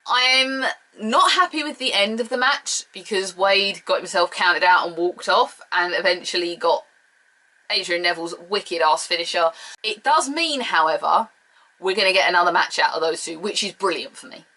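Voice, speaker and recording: British woman ranting through a solo review, sarcastic and blunt, bright sharp voice. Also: fairly low pitch, moderate pace, low-quality recording. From United Kingdom. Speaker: show reviewer.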